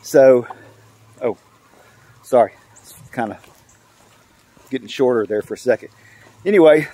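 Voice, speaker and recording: A man's voice: mid-range voice, a little mellow, breathy edge. Older man rambling through a joke. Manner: rambling, drawn-out storytelling with many fillers. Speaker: channel host. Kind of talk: casual joke telling.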